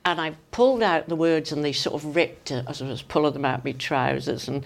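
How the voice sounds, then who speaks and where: An older woman with a Manx accent, a lively storyteller who laughs often, reminiscing in a conversation. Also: deep voice, a little fast, gravelly. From Isle of Man. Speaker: interviewee.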